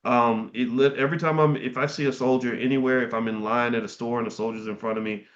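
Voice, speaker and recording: A middle-aged man talks straight to his livestream chat in a heartfelt, unscripted way. He stumbles and doubles his words as he reaches for what he means. His mid-pitched voice comes through a slightly dull, lo-fi recording. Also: steady tone, fast. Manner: heartfelt, repeats words and restarts sentences. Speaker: livestream host. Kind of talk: earnest livestream talk to chat viewers.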